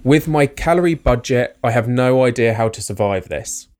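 A man co-hosting a casual podcast, relaxed as he reads out listener questions. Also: mid-range voice, normal speed, slight background noise. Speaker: podcast co-host.

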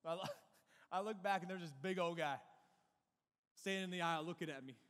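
A young man preaching to a youth group, telling a funny childhood story with animated, excitable energy. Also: sits high, fairly quick, long reverb tail. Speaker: youth pastor. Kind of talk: sermon with a personal story.

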